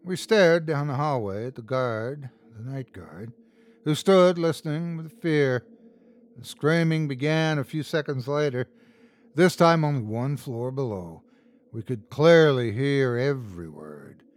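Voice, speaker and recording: A man reading a horror story aloud as host and narrator, tense and dramatic, shouting out the characters' lines. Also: medium pitch, animated, a little slow, dry recording.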